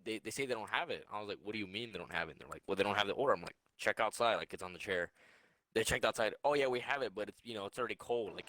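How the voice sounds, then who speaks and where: A man's voice: fairly low pitch, pushed and bright, no echo. A young man co-hosting a podcast, telling a rambling, swearing story in casual chat. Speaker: podcast co-host.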